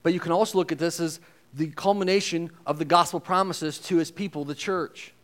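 A man preaching a sermon in a conversational way, slowing down to stress key phrases. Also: fairly high pitch, steady tone. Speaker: pastor.

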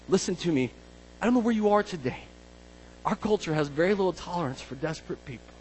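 A man preaching a sermon, dramatic, acting out scripture voices and swinging between hushed lines and shouts. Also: on the high side, fairly quick, husky, low-quality recording.

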